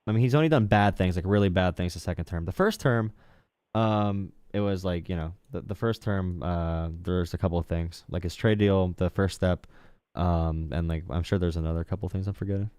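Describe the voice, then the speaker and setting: A young man runs a live political call-in, his voice sitting a little low and moving quickly. He stays calm and teasing, padding his points with fillers, recorded close and dry. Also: clean tone, no room sound. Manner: calm, mocking, filler-heavy. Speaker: host.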